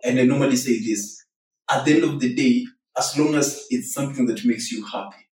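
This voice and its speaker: Young dude telling stories on a podcast, english and swahili mixed, a bit far off, echoey. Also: male voice, medium pitch, fairly quick. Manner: relaxed storyteller, mixes English and Swahili slang. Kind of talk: casual chat. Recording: echoey room, far from the mic.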